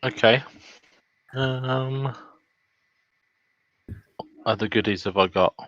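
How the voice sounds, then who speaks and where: A man's voice: medium pitch, takes it slowly, fairly bright tone, no room sound. A man playing a tabletop game online, talking casually and thinking aloud over his moves. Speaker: player. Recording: dry, dull home mic.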